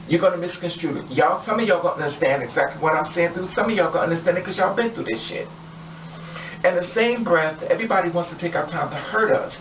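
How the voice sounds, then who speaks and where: A woman's voice: sits low, fast talker, far from the mic, a little hiss or hum. A woman vlogger delivering an angry, blunt, profane rant straight to her viewers. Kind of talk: impassioned rant to camera. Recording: echoey room, off mic, dull lo-fi sound.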